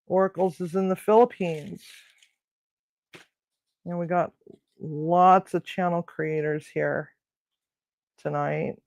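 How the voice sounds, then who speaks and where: Cooking-stream host, unhurried and chatty, mutters to themself mid-task, dry close sound. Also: mid-range voice, fairly even intonation, creaky, a little mellow, no echo. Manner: chatty, mutters and grumbles to self while cooking. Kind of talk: casual live cooking chat. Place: home kitchen.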